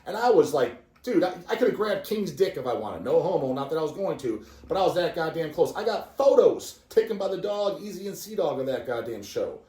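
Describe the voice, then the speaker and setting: A man around forty hosting a casual chat, telling stories in a profane, excitable, ranting way. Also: a little high, a little fast, few pauses. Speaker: podcast host. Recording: roomy echo.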